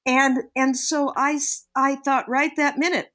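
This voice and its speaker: A woman's voice: high-pitched, level tone, unhurried, fairly bright tone. An older woman, a guest on a parenting podcast, telling stories in an earnest, reflective way. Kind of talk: podcast interview.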